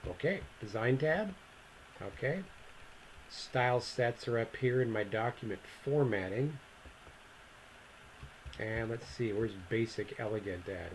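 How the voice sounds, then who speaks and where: A man over fifty walks through a screen-recorded software lesson at an ordinary pitch. He talks to himself as he goes, musing and fixing his own slips. A faint hiss of noise sits behind his voice. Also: rough recording. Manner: casual, thinking aloud, self-correcting. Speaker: instructor.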